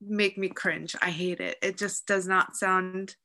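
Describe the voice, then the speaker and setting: A woman's voice: mid-range voice, fairly even intonation, measured pace, pushed and bright. A woman with a Midwestern accent, co-hosting a podcast in casual chat and giving blunt opinions. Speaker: podcast co-host.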